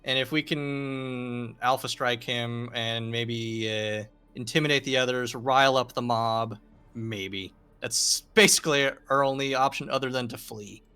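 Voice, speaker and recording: A man's voice: medium pitch, fairly even intonation, a little slow, bright, forceful tone, smooth, faint music behind. A man playing in a tabletop game, talking through plans in casual chat. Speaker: player.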